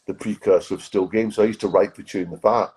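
A man's voice: on the low side, fairly even intonation, fast, darkish tone, husky, poor audio. A middle-aged man chatting as a podcast guest, telling rambling anecdotes full of restarts. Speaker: guest, comedy writer and actor. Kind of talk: casual podcast interview.

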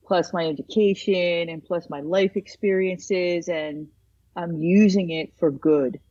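A woman in her fifties chatting casually as a podcast guest, earnest and animated as she talks about healing and faith. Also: lowish voice, measured pace, muffled recording. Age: 50s. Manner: earnest, animated, speaks of being a healer. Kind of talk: casual chat.

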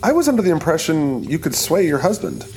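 A man voicing a calm, menacing male cult leader in an audiobook, speaking in a slow, soothing, coldly controlled way. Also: fairly high pitch, soft background music, pitched above the performer's own voice.

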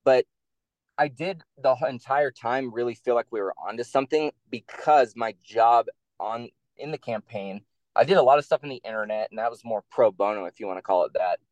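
A man, a former campaign staffer, telling stories in a casual interview in a blunt, profane and animated way. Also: medium pitch, fairly quick, no room sound.

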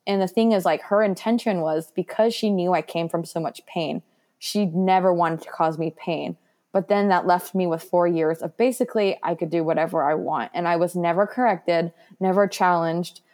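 This is a young woman speaking in a voice set a little lower than most. She is candid and reflective as she talks, earnest and loose, with plenty of "like" fillers along the way. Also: fairly even intonation, moderate pace, a little mellow. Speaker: guest sharing her foster care story. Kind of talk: candid personal interview.

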